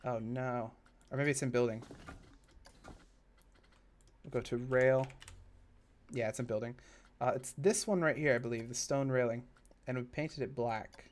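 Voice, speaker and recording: He chats casually on a live stream of a park-building game, rambling into asides as he builds and occasionally erupting with excitement. The pitch is medium, the pace measured, and he pauses often.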